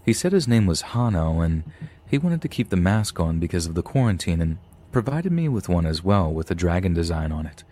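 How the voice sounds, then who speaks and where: A man's voice: deep voice, very animated, a little fast, few pauses, warm tone. A man, a podcast host, reading a scary story aloud with some dry asides.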